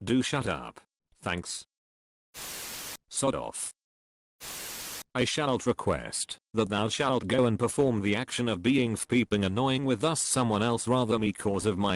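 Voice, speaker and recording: A man reading online comments aloud in a slow, dry delivery. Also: lowish voice, a little hiss or hum.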